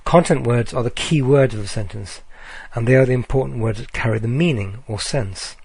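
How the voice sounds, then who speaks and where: A man's voice: medium pitch, vocal fry, darkish tone, slightly rough, no room sound. Guy lecturing off slides, lots of ums, dead dry recording. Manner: slow, deliberate with frequent ums and uhs.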